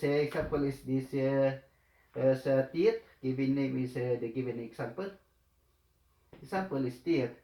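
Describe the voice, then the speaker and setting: Man, very slow lesson, halting with fillers, echoey room. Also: on the high side, a little mellow. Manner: halting, many fillers, repeats each phrase. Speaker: language teacher.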